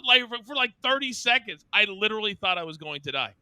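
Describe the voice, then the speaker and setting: A middle-aged man hosting a podcast, telling stories with a lively manner and acting out the quotes. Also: fast talker, clean tone, dry recording. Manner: lively, acts out quotes with big pitch jumps. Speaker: podcast host. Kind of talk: animated storytelling.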